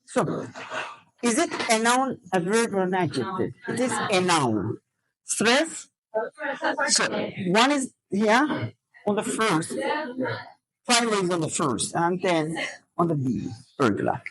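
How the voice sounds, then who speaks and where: A woman's voice: medium pitch, big pitch swings, slow, fairly bright tone, low-quality recording. A woman teacher trainer running a classroom lesson, drilling students with questions and counting out word stress. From Azerbaijan.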